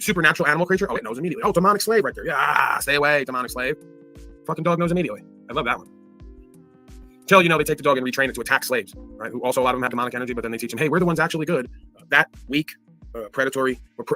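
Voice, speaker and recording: A man's voice: medium pitch, pushed and bright. A man hosting an online podcast panel, ranting in a profane, casual way. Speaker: podcast host. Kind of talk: casual call-in panel talk.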